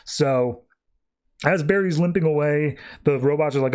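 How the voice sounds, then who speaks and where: Animated man recapping comics. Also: on the high side. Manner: animated, slips into quick character voices. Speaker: podcast host. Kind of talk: casual comic recap with acted-out voices.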